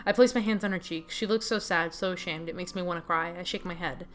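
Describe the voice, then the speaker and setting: A young woman reads out her own story game, narrating in the first person at an everyday pitch. Her delivery is earnest and sincere, with nervous asides between the lines. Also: fast, hardly any pauses, fairly bright tone. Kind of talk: reading a visual novel aloud with commentary.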